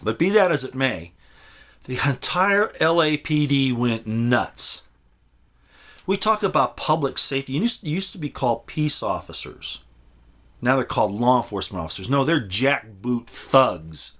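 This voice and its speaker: A man giving an impassioned monologue, emphatic and rambling, repeating words and swinging between raised and lowered delivery. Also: sing-song, moderate pace, fairly bright tone. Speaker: commentator.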